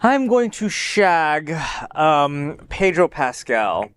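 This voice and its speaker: A man's voice: on the high side, very animated, drawn-out words, fairly bright tone, clear, resonant tone. A man co-hosting a studio talk show, laid-back and self-mocking in casual chat. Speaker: co-host. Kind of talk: casual panel banter.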